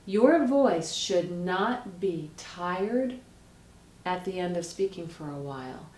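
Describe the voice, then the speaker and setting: A woman, a vocal coach, explaining how to speak healthily in a lively, direct teaching manner. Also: fairly low pitch, takes it slowly. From United States. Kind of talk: instructional explanation with voice demonstrations. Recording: roomy, distant mic, faint noise.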